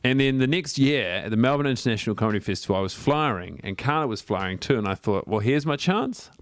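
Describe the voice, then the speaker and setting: A man's voice: mid-range voice, clear, resonant tone, dry recording. Joking New man, dry close mic. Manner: playful, quick to joke and riff. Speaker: podcast co-host. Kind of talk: casual comedic chat.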